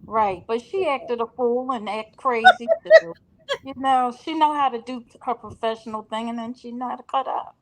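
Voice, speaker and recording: A woman's voice: on the high side, very animated, normal speed, rough recording. A middle-aged woman, a caller on a live chat, talking things through in a polite, chatty way. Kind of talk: casual chat.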